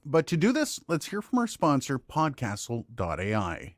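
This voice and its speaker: A man hosting a casual tech demo as a microphone reviewer, talking straight into a studio condenser mic with lively, joking asides. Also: mid-range voice, normal speed, few pauses, dry recording.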